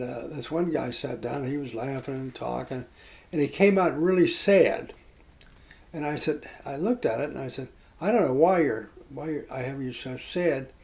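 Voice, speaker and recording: An older man telling reflective personal stories in a rambling, halting way, with many fillers and restarts. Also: mid-range voice, vocal fry, a little mellow, rough recording. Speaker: interviewee. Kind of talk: reflective storytelling.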